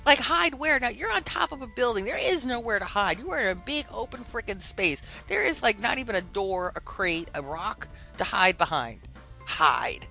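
A podcast host in casual, animated storytelling about a video game, retelling a quest with exasperated asides and acted-out quotes. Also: mid-range voice, normal speed, gravelly, faint music behind.

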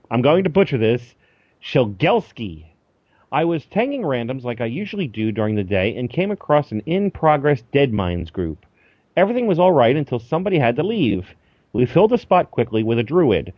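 A man's voice: fairly high pitch, no echo. Man reading email on a dull, dry mic. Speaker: podcast host. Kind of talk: casual chat and reading listener email.

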